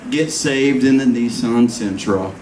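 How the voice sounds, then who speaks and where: A man's voice: medium pitch, measured pace, darkish tone. A man giving a rambling, emotional birthday toast to a friend at a party, often laughing. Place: party venue. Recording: echoey room mic from far off with noise.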